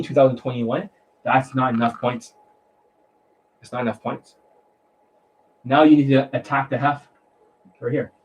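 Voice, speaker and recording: A man with a medium-pitched, breathy-edged voice gives a casual coaching talk about dating. He's blunt and profane and keeps checking in with the listener through rhetorical questions.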